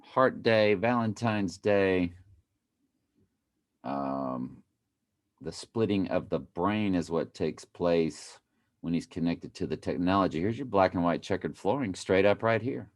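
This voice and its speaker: A man's voice: deep voice, animated, measured pace. A man giving casual, playful commentary over a video he plays, repeating phrases in a mock chant and breaking into sudden exclamations.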